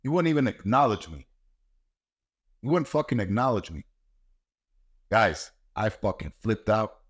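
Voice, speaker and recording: A man's voice: fairly low pitch, very animated, a little slow, husky. A middle-aged man hosting a podcast, talking in a blunt, heated and profane monologue about raising kids. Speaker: podcast host and martial arts coach. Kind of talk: ranting monologue.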